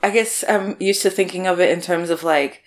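A woman's voice: fairly low pitch, normal speed. A woman interviewing in casual conversation, hesitant and full of fillers, often giggling. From United States.

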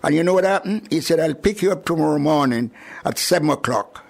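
An older man from Jamaica with a Jamaican accent, recalling his arrival in an oral history interview with chuckles and lively retelling. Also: fairly high pitch, brisk, gravelly. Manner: chuckling, animated storyteller.

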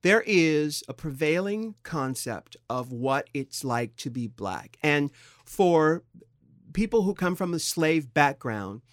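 A middle-aged man from San Diego, co-hosting a podcast in candid, casual talk, thoughtful and halting with expressive swings in pitch. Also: no echo, clean studio sound. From San Diego, California. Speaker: podcast co-host.

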